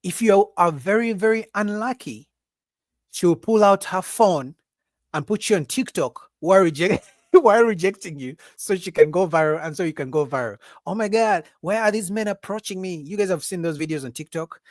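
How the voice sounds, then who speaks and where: A man's voice: moderate pace, no echo, studio quality. A man hosting a livestream, giving a casual, emphatic opinion monologue full of repetition and asides like "right?". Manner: animated, acts out women's voices in a high mocking pitch. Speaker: livestream host.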